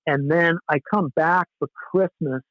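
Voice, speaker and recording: A man's voice: a little high, a little slow, fairly bright tone, no echo. A man in his forties from Southern California, telling stories as a podcast guest in a laid-back, self-mocking way. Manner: laid-back, anecdotal, often laughs at himself. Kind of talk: casual storytelling in a podcast interview. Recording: dull, dry lo-fi podcast audio.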